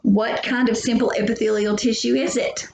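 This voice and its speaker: A woman's voice: on the high side, steady tone, normal speed, a little mellow. Woman, casual biology teacher, echoey room, faint hum. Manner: chatty, jokey, talks straight to students. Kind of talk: recorded lecture.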